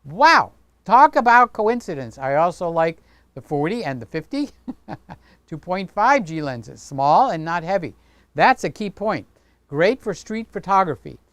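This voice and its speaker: Man, livestream host, chatty and playful, smooth clear voice, dry close mic. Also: fairly high pitch, dry recording. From Greek heritage. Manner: chatty, playful, talks with his hands. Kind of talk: casual livestream chat.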